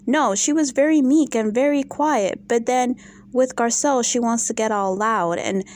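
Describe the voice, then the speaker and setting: A woman with a high, bright-sitting voice talks straight to camera in a casual commentary vlog. She sounds exasperated and animated, stacking rhetorical questions as she picks apart a reality show. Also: normal speed.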